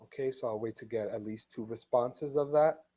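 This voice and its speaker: A man of middle pitch teaches an online English class. He speaks slowly and patiently, going over each rule more than once. He reads example sentences aloud with careful stress. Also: mellow. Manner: slow, patient, repeats each point. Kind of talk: live online ESL lesson.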